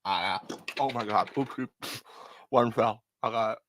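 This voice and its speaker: A man's voice: lowish voice, measured pace, fairly bright tone, slight background noise. A man hosting a late-night podcast, chatting in a rambling, profane, chuckling way. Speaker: podcast host.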